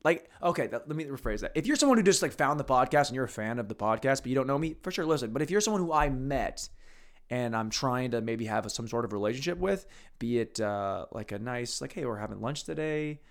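A man's voice: mid-range voice, expressive, fast talker. Man, podcast host, casual monologue, crude, rambling, mumbly, restarts. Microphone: podcast microphone.

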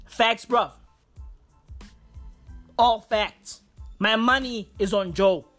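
A man's voice: high-pitched, extremely slow, a bit bright, faint music behind. A man hosting his own podcast, ranting casually in profane street slang, repeating lines and leaning on fillers. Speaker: podcast host. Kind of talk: casual solo rant.

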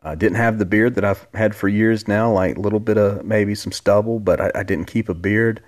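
Deep-voiced male podcast host in his forties, laid-back storyteller who swears freely. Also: steady tone, normal speed. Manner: laid-back, rambling, profanity, jumps up high quoting others. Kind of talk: casual storytelling.

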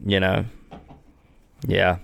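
A man's voice: sits low, monotone, drawn-out words, creaky, fairly bright tone, a little hiss or hum. A man co-hosting a casual comedy podcast, joking and crude as he rambles. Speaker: podcast co-host.

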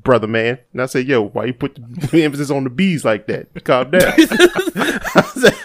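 A man's voice: mid-range voice, a little fast. A man co-hosting a casual podcast, joking and laughing as he retells a story. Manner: laughing, jokey, rises sharply when mimicking. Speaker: podcast co-host.

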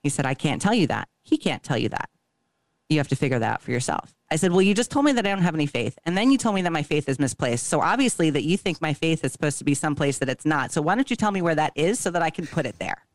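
A woman's voice: low voice, big pitch swings, fast talker, no room sound. A woman co-hosting a podcast, telling a long story in a casual, profane way and acting out each line of dialogue. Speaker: podcast co-host.

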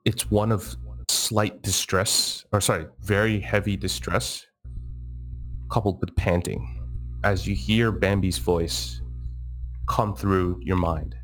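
A man with a very deep voice runs a tabletop game as game master. He narrates slowly and deliberately, pausing often for fillers. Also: steady tone, a bit bright, faint music behind. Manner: measured, with frequent fillers.

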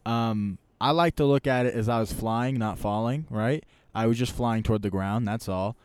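A man telling a story in casual chat, rambling and animated, often tagging lines with "right?". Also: mid-range voice, normal speed, clean tone, dry recording.

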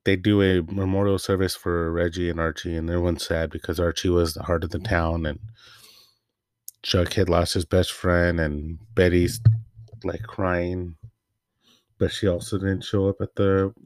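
A man's voice: low voice, flat delivery, normal speed, dry recording, studio quality. A man hosting a casual comic review, rambling with fillers and trailing asides, his voice wearing out. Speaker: host.

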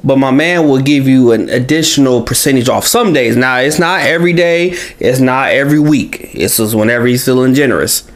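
A man's voice: mid-range voice, brisk, hardly any pauses. A man co-hosting a podcast in casual chat, laid-back and slangy, often repeating phrases. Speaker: podcast co-host.

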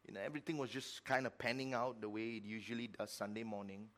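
A middle-aged man preaching a sermon as pastor, telling a story with emphatic repetition and sudden swings between loud and quiet. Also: lowish voice, fairly even intonation, fast talker. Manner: repeats words for emphasis.

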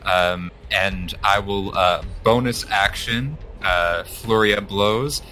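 A man's voice: fairly low pitch, slow, pushed and bright, soft background music. A man playing in a tabletop game, describing his moves casually with many fillers. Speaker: player.

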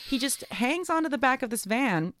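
A woman's voice: high voice, expressive, moderate pace, a bit bright, no room sound, clean studio sound. A woman co-hosting a podcast in casual chat, rambling and hedging with fillers.

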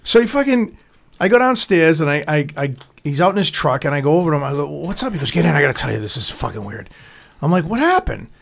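A man in relaxed, unscripted conversation, telling stories in a crude and profane way. His voice sits a little high for a man, and he swears freely. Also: quick pace, gravelly. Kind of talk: casual chat.

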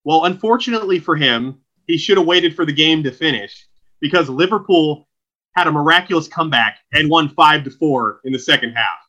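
A man from Oregon co-hosting a comedy podcast, teasing his partner and spinning stories. His voice is fairly high and bright. The recording sounds dull and lo-fi. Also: a little fast. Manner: joking, storytelling, teasing. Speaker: podcast co-host. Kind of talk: casual comedic chat.

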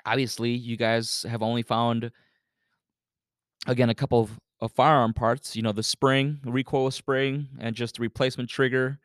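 Guy rambling thru a story on his podcast, lots of you-knows and swearing, smooth voice, mid pitch. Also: level tone, normal speed, no room sound, studio quality. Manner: loose, profane, filler-heavy with many "you know"s. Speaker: podcast host. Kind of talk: casual storytelling monologue.

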